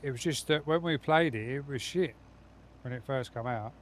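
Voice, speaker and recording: A man's voice: medium pitch, moderate pace, slight background noise. Chatty man streaming a game. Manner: chatty, rambling, talks straight to his viewers. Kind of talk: casual live gaming stream chat.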